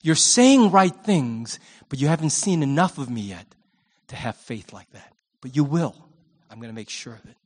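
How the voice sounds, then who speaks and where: A preacher voicing a calm, tender male teacher. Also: a little high, in a large hall, voice pushed down. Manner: soft, slow, tender. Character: gentle patient male teacher, calm and reassuring.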